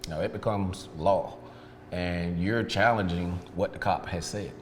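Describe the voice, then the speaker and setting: A man who owns a detailing business sits for an interview, candidly recounting his past and replaying events through quoted dialogue. His low voice is steady and measured, with slight hiss or hum, long reverb, and faint ambience behind him.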